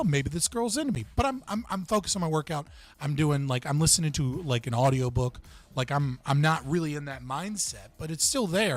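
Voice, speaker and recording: A man's voice: fairly high pitch, no echo. A young man telling a story casually on a livestream, rambling with many restarts and laughing at himself. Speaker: livestream host.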